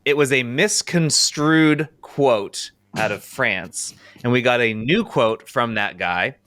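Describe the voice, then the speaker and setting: A man hosts a casual podcast chat with a bright, forceful voice. His sound is close and dry, with no room around it. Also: medium pitch, slow pace, dry recording. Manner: steers the talk, reads quotes aloud. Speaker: podcast host.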